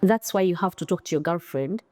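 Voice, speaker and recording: A woman co-hosting a casual podcast chat, speaking in an opinionated, animated way and acting out quoted lines. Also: lowish voice, a little fast, no room sound. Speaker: podcast co-host.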